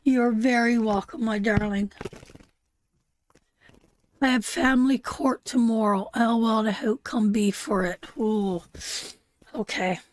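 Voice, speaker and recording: Slow-talking tearful woman tarot host. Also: on the high side, steady tone. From Canada. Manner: affectionate, calls viewers darling and sister. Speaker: tarot reader hosting a live stream. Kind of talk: emotional live-stream chat with viewers.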